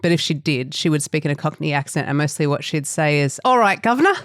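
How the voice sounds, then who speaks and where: A woman's voice: low-pitched, level tone, fast talker, no echo, studio quality. A woman co-hosting a podcast, chatting casually and telling stories about herself in a playful, self-mocking way. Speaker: podcast co-host. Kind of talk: casual chat.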